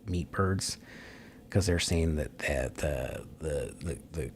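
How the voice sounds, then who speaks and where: A man with a very low, gravelly voice who rambles through an article on a livestream, breaking off into sarcastic, profane rants. His commentary is loose and full of fillers and restarts. Faint noise sits under his voice. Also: lively intonation, takes it slowly. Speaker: livestream host. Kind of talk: rambling commentary while reading an article aloud.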